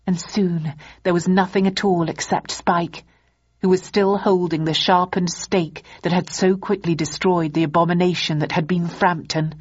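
A woman narrating an audiobook in the first person in a steady storytelling manner. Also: fairly low pitch, normal speed, husky. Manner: steady storytelling, voicing characters. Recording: dull lo-fi audiobook recording.

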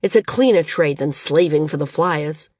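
A woman's voice: low-pitched, normal speed, darkish tone, breathy edge, no room sound, clean studio sound. A woman voicing a cool, bitter young man flyer who speaks in a level, sardonic way.

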